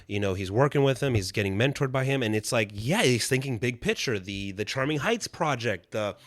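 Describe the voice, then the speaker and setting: A man co-hosting a podcast, talking casually and profanely about TV, acting out quotes loudly. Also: medium pitch, lively intonation, fairly quick, dry recording, clean studio sound. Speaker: podcast co-host.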